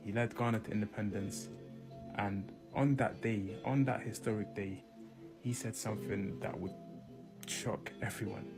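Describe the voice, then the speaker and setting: A man telling a reverent story with dramatic pauses. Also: lowish voice, steady tone, music in the background. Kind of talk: storytelling about history.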